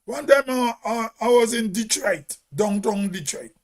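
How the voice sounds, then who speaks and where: A man with a Grenadian accent giving an emphatic opinion monologue as host, with a big, loud voice and rhetorical questions. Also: sits high, expressive, measured pace.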